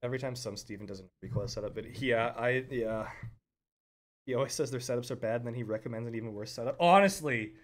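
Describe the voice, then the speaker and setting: A young man streaming a game, chatting casually with viewers, laughing often and breaking into loud outbursts. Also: mid-range voice, fast. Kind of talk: casual live-stream commentary.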